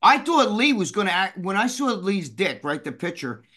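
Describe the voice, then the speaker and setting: A man chatting loudly and excitably, swearing and restarting his sentences. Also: high-pitched, moderate pace. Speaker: guest bodybuilder. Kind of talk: casual chat.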